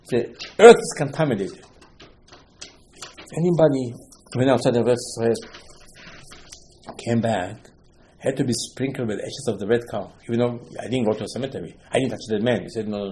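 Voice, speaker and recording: Animated rabbi teaching a Torah lesson. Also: male voice, medium pitch, slight background noise. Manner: animated storytelling, acting out dialogue, emphatic rises; non-native English phrasing, Hebrew terms.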